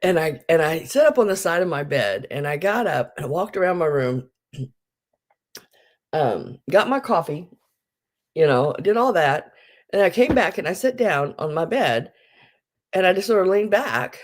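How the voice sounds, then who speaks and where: A woman's voice: fairly low pitch, sing-song, moderate pace, pauses often. A middle-aged woman hosting a live online sale, chatting casually and rambling as she greets viewers by name, her voice still groggy from just waking up. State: groggy morning voice, just woken up. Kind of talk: casual livestream chat.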